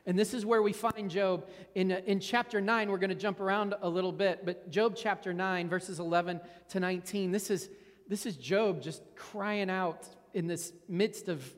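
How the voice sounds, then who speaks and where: A man's voice: sits high, moderate pace, big-room sound. A man giving a sermon as a pastor, earnest and reflective, often repeating words as he stresses a point.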